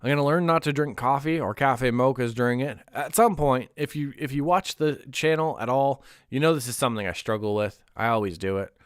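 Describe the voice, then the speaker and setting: A man's voice: mid-range voice, fairly quick, few pauses, clean tone, no echo, clean studio sound. Candid, rambling young man streaming. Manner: rambling, candid, swears casually, laughs often. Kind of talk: casual livestream chat.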